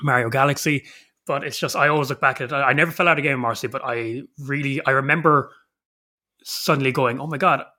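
A man in his thirties co-hosting a podcast, chatting casually in a rambling, sweary, animated way. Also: medium pitch, brisk. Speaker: podcast co-host. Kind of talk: casual chat.

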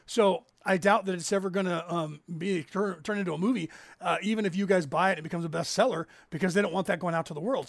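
Livestream host, fifties, male, from California; high, gravelly voice, dry close sound, rambling chatty delivery. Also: quick pace, no room sound. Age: 50s. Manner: rambling storyteller, acts out others' lines in raised voices. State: raspy from COPD. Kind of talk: casual livestream chat.

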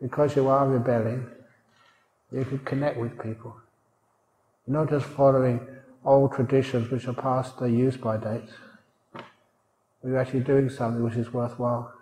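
A man's voice: medium pitch, little pitch movement, normal speed, pauses often, mellow, slight background noise. A man giving a humorous sermon as a monk teacher, joking, chuckling and asking his audience questions. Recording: roomy hall reverb.

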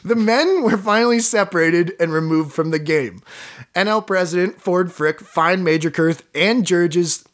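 A woman's voice: fairly low pitch, unhurried. A woman hosting a casual podcast who tells a story and laughs often as she goes. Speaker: podcast host.

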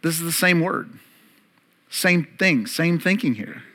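Emphatic preacher man, bright voice. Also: lively intonation, unhurried. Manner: emphatic, climbs louder and higher, then drops to soft and low; calls on the congregation to repeat words. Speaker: pastor. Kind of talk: sermon.

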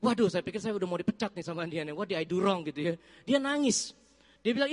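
A man with an Indonesian accent preaching a sermon, telling his testimony in lively storytelling and mixing Indonesian with English. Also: high-pitched, very fast. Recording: reverberant hall.

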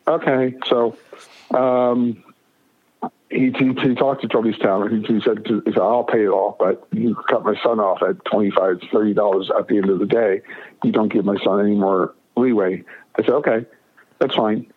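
This interview guest, a man, shares a personal story in a lowish voice with a steady tone at a normal speed. His delivery is emphatic, with frequent repeated or restarted phrases, heard through narrow, phone-like radio sound.

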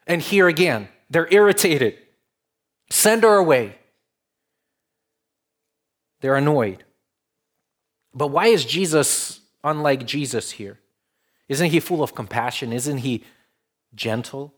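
A man's voice: medium pitch, measured pace, pauses often. A man preaching a sermon in a conversational way, building to emphatic stretches. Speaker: pastor.

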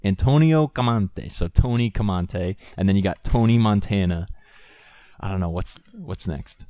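A man's voice: sits low, normal speed, dark tone. A young man co-hosting a podcast, rambling and joking, laughing and swearing freely in casual chat. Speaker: podcast co-host.

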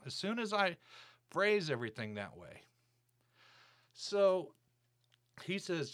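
A man's voice: fairly high pitch, animated, moderate pace, fairly bright tone. A man hosting his own podcast, telling a workplace story in a casual, indignant, ranting way. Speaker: podcast host. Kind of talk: casual monologue.

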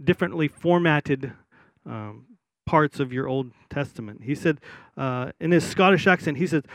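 A man preaching a sermon in an easygoing, conversational way, with fillers and restarts, who slows down to read scripture with solemn weight. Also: a little high, animated, no echo. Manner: reads scripture slowly and solemnly. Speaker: pastor.

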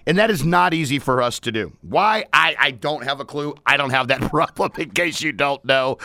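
A man's voice: medium pitch, animated, fairly quick, sharp tone, no echo. Scratchy-voiced upbeat male radio host. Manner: playful, rhymes and jokes, restarts. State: scratchy, strained voice. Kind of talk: energetic radio talk.

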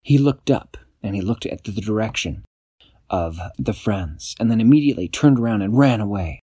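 A man improvising a bedtime story for a child, in an animated, playful way. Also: fairly low pitch, moderate pace, slightly rough, no room sound.

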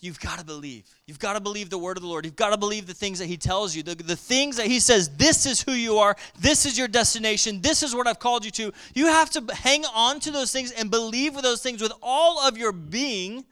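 A man preaching a sermon with lively energy, calling on the congregation to respond. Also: sits high, brisk, few pauses, clear, resonant tone.

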